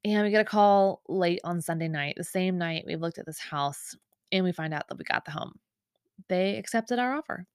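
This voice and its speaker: A woman's voice: fairly low pitch, moderate pace, clean tone, dry recording, studio quality. A woman in her thirties hosting a podcast, telling a story in a chatty, emotional way with lots of fillers and asides. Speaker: podcast host. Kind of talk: casual storytelling chat.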